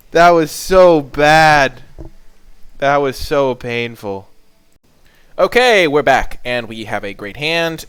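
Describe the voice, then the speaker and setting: A man's voice: medium pitch, a bit bright. A man giving live commentary on a card game he is playing. He chats to the game and his opponent, and he breaks into melodramatic outbursts when his luck turns. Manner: chatty, talks to the game and opponent. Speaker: card game video creator.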